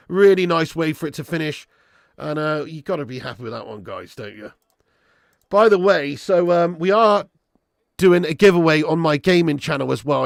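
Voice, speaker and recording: Guy streaming footy, buzzing and chatty, bit gravelly and hoarse, dry close sound. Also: on the high side, dry recording. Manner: excitable, chatty, slangy, buzzing with joy. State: voice going hoarse. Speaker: football watch-along streamer. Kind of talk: live stream chat and match reaction.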